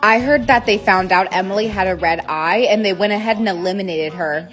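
A young woman acting the side characters in a comedy skit, with brisk, exaggerated reactions. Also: medium pitch, a bit bright, soft background music. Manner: brisk, exaggerated reactions across many roles. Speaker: plays the side characters in skits.

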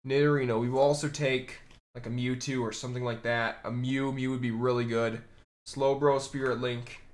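A man's voice: mid-range voice, level tone, normal speed. A man streaming live as he opens trading card packs, chatting to his viewers and the camera in a casual way and often repeating his phrases.

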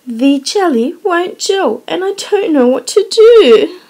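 A woman reading an audiobook, voicing a flustered young wife who pleads and protests in a high, distressed voice. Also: expressive, slow, a little mellow, heavily acted. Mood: tearful. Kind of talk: audiobook character voice.

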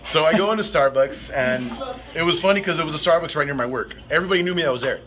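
A man's voice: on the high side, racing, a crowd in the background, rough recording. A man eagerly telling a funny personal story, laughing as he goes and acting out the other people. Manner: animated, laughs while telling, acts out quotes. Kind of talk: casual storytelling.

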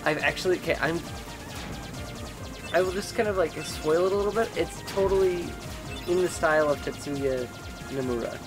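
A man's voice: a little high, moderate pace, long pauses, over music. A young man chatting casually while gaming, rambling and joking with his brothers. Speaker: let's play gamer.

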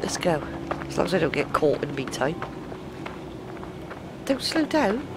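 A British woman gives excitable let's play commentary over game music, swearing and shrieking at the action. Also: fairly low pitch, unhurried, noisy background. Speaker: gamer.

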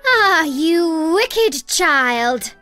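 A woman voicing a wicked, jealous old enchantress in a storybook reading, loud and mocking. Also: very high voice, sing-song, extremely slow, faint music behind, voice pushed up, exaggerated voice. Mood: angry.

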